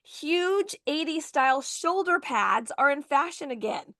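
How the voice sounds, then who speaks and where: High-voiced chatty woman co-host. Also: measured pace, no echo, clean studio sound. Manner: chatty, reads out news items, lively. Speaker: morning show co-host. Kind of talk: casual radio-style chat.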